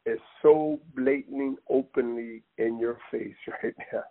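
A man's voice: mid-range voice, fairly even intonation, a little slow, vocal fry. A man talking with passion, rambling and emphatic, often calling the listener "man". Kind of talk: impassioned casual talk. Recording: tinny phone-line audio.

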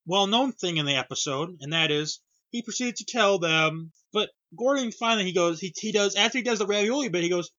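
A man's voice: high-pitched, expressive, fairly quick, bright, forceful tone, dry recording, lo-fi sound. A young man in casual chat, rambling through a story, acting out quoted lines and swearing freely. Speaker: podcast co-host recapping a reality cooking show.

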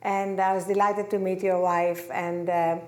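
A woman's voice: on the low side, flat delivery, measured pace, darkish tone. Greek-accented woman speaking in an echoey hall. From Greece. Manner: gracious, conversational, with fillers. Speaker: featured guest speaker. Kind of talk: public talk. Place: lecture hall.

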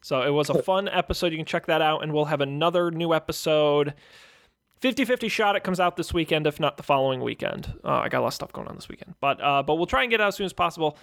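A man co-hosting a casual podcast, his voice sitting a little high for a man. He talks in an easygoing, jokey way, riffing and plugging the show. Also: animated, fast, gravelly, a bit bright. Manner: easygoing, jokey, plugs shows. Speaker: podcast co-host.

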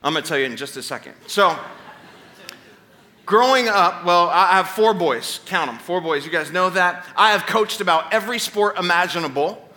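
A man's voice: high-pitched, expressive, moderate pace, pushed and bright. A man in his thirties preaching a Sunday sermon in a church, telling stories with playful asides to the congregation. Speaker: pastor. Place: church stage before a congregation.

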